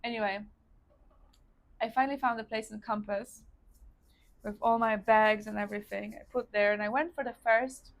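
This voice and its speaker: Her voice sits on the high side, steady in tone and moderate in pace, with a creaky quality and frequent pauses. A woman from Poland with a Polish accent, she's seated indoors eating on camera while chatting to viewers about her life, saying "guys" and "like" a lot.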